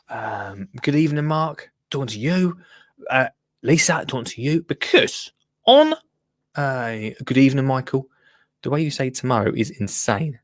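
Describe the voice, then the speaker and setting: A man's voice: mid-range voice, very animated, moderate pace, no echo, clean studio sound. A man hosting a live call-in show, chatty and jokey, greeting viewers by name. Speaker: host.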